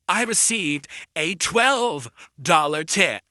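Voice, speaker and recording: Streamer guy ranting at haters, slightly high voice, dry close mic. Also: big pitch swings, slow, pushed and bright, no room sound. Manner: defensive, insulting rant at critics. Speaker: live streamer. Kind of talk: ranting live stream talk.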